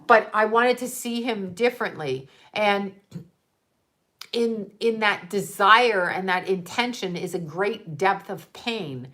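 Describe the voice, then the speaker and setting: Talking slowly in a medium-pitched, slightly bright voice, a middle-aged woman who works as a psychic medium holds a casual livestream chat. She's frank with her viewers, laughing a lot and cursing freely.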